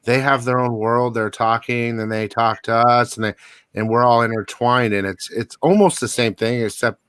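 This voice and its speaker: A man hosting a live online show, chatting in a relaxed, easygoing way. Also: mid-range voice, moderate pace, smooth, no room sound. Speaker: host. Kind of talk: casual live-stream chat.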